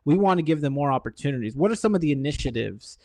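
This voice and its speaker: A man's voice: a little high, animated, fast, warm tone, no echo. A man hosting a podcast interview, responding with enthusiasm and addressing the audience directly. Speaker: podcast host.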